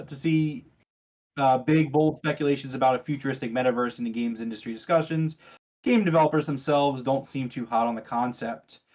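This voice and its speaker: A man's voice: a little high, darkish tone, muffled recording. A man hosting a casual gaming podcast, reading news items aloud and asking co-hosts questions, with a sarcastic streak. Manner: chatty, sarcastic, leads the discussion. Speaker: podcast host.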